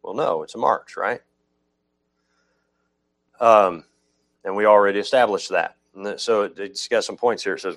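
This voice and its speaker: Man, low voice, church sermon, explanatory, repeats and corrects himself. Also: normal speed, long pauses, a bit bright. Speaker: pastor. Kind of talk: sermon teaching.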